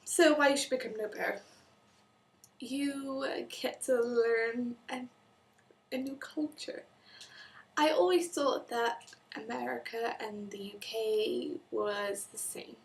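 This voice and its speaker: A woman's voice: a little high, takes it slowly, creaky, recorded from a distance. A young woman from Wales with a Welsh accent, chatting casually in a vlog, acting out little quoted exchanges and often restarting her sentences. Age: young adult. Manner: chatty, talks in quoted asides, many restarts. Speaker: vlogger.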